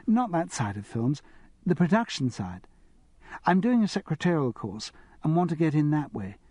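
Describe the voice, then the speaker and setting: An eager, giggly young English girl with a public school accent, her voice lifted high and bouncing all over the place, as a male narrator puts her on. The tone is a touch husky and close, with no room around it. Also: sing-song, moderate pace, no echo. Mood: chatty. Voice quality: bright and girlish.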